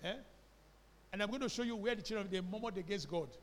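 A high-voiced Nigerian man preaches with insistent emphasis, tossing questions to his listeners and dropping into Pidgin. His voice rings out with a long reverb, as if from a large church hall. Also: fast talker, a little hiss or hum. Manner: slips into Pidgin phrases. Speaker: pastor. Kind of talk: sermon.

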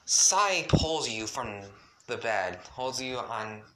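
A man's voice: medium pitch, expressive, slow, fairly bright tone, a little hiss or hum. A man reading a second-person fan story at home, his voice shaky from the cold, with stumbles and chatty asides. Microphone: home mic, cold room.

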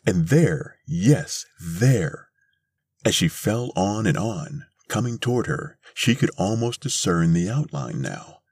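A man hosting a podcast, reading a short story aloud in a measured, deliberate way from a mobile studio. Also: deep voice, lively intonation, a little mellow, husky, no echo. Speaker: podcast host and reader. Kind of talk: scripted narration of a short story. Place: mobile studio in a converted school bus.

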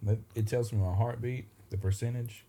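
A man's voice: mid-range voice, steady tone, moderate pace, warm tone. A man co-hosting a podcast in casual chat, joking with mock-earnest sincerity. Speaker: podcast co-host.

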